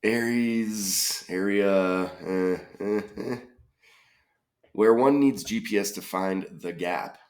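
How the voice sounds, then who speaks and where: Slow, low-voiced man thinking aloud. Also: darkish tone. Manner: muses tentatively, trailing off with questions. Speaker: crossword solver. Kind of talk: thinking-aloud puzzle solve.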